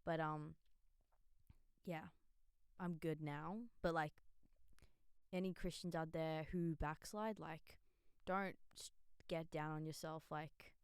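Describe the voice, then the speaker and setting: In a candid vlog, a young woman gives a casual spoken testimony about her faith, chatty, laughing readily and leaning heavily on "like." Her low, clear and resonant voice keeps a steady tone at a slow pace with long pauses, recorded dry.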